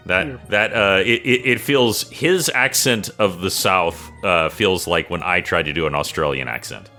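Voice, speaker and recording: Brief: low, bright man running a tabletop game, chatty, full of fillers. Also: measured pace, soft background music. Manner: chatty, hesitant with many fillers. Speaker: game master.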